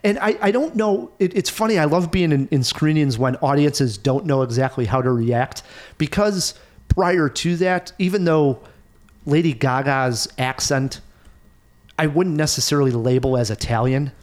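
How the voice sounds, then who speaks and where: A man hosting a casual film review podcast, animated and laughing often as he recounts scenes. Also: on the high side, moderate pace. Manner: animated, laughs often, mimics actors' voices. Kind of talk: casual movie review chat.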